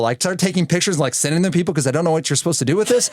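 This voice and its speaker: A man in his thirties, a podcast guest telling stories in a lively conversational way and acting out the voices he quotes. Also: sits high, very fast, no echo, clean studio sound. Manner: animated, acts out quoted voices. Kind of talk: conversational storytelling.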